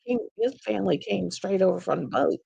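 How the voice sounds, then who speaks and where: A woman's voice: mid-range voice, a little fast, vocal fry, dark tone, husky, dry recording, dull audio. An older woman, hosting a casual craft live stream from home on a laptop, chatting in a rambling way and laughing often. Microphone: laptop mic.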